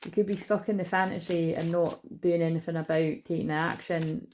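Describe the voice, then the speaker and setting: A woman giving a casual spiritual card reading at home, chatty and rambling with excitable asides. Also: on the low side, fairly quick, a little hiss or hum. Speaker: tarot reader. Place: at home indoors.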